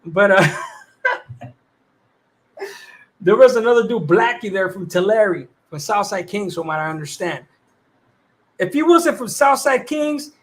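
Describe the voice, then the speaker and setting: A man's voice: sits high, fairly bright tone. A man hosting a livestream, reading viewers' comments in casual chat, with streetwise slang and easy laughter. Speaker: livestream host.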